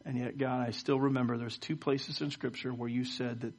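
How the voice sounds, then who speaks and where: Preaching at a church service, a middle-aged pastor tells stories, leads a prayer, and keeps stammering over repeated words. He talks a little fast in a level, mid-range voice that is darkish and husky.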